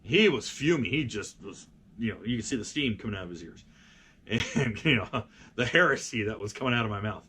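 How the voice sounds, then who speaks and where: A man's voice: lowish voice, fairly quick, slight background noise. Man telling a rambling garage story. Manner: rambling, with fillers and lively acted quotes. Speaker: car magazine editor. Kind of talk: casual anecdote storytelling.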